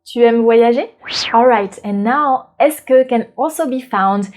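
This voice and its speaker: A woman from France hosting a language lesson, explaining patiently and clearly. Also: on the high side, a little slow, darkish tone. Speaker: French teacher and channel host. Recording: light background music.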